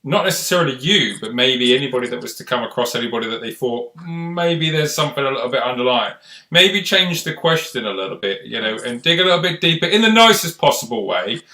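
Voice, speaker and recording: A man's voice: medium pitch, lively intonation, quick pace, bright, forceful tone, reverberant. A man hosting a casual live-stream chat, chatty and rambling in an encouraging way. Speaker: host.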